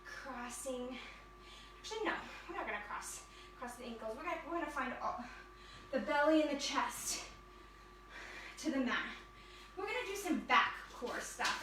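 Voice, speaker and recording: A woman leading an energetic yoga fitness class, cheering and counting down reps, slightly out of breath. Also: high-pitched, normal speed, pauses often, background noise. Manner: upbeat, encouraging, counts down reps. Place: yoga studio. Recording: echoey room from a distance.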